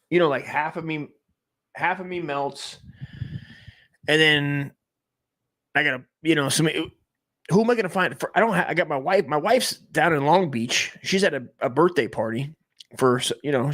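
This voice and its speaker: A man's voice: a little high, normal speed, fairly bright tone, dry recording, studio quality. A man in his forties doing a crude, rambling comedic monologue, trailing off and restarting as he goes. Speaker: comedy podcast host.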